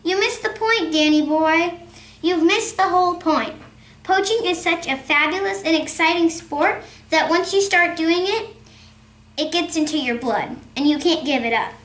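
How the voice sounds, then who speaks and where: A woman reading aloud, voicing a lively, conspiratorial father who tells stories with relish. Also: extremely high pitch, moderate pace, reverberant. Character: cheerful rural father, storyteller, man.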